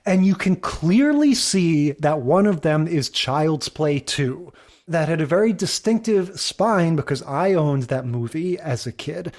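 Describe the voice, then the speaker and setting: A man's voice: fairly high pitch, darkish tone. A man co-hosting a podcast in casual chat, musing and rambling with many asides. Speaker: podcast co-host.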